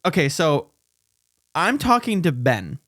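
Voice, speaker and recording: A man co-hosting a podcast in casual chat, animated and swearing, acting out what people said. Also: a little high, slow pace, no room sound, studio quality. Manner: animated, swearing, acts out quotes. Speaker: podcast co-host.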